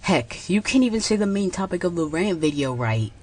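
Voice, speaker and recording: A woman's voice: lowish voice, animated, brisk, darkish tone, a little hiss or hum. A woman giving a blunt, dismissive commentary on a video.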